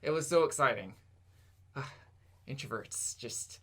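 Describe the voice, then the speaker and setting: A man's voice: mid-range voice, moderate pace, fairly bright tone. A man co-hosting a podcast, making wry, sarcastic jokes in a casual chat. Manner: wry, joking, sarcastic asides. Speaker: podcast co-host.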